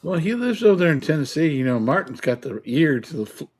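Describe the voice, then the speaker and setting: A man's voice: fairly high pitch, big pitch swings, quick pace, slight background noise. A man co-hosting a casual chat show, laid-back and dryly humorous. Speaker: co-host.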